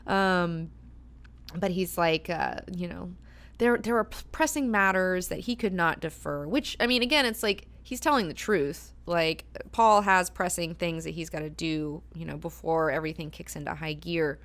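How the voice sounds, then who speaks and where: A woman's voice: on the low side, normal speed, a bit bright. A woman hosting a book club discussion, talking casually with many fillers and frequent swearing. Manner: chatty, filler-heavy, swears freely.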